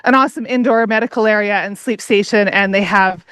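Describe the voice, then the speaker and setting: A woman in her thirties from Canada cheerfully commentating a race livestream, chatty and full of enthusiasm. Her voice sits at an ordinary middle pitch. It is recorded dry and close, with little room sound. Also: brisk, fairly bright tone, clean tone, dry recording. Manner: enthusiastic, chatty, laughs often. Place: outdoor aid station.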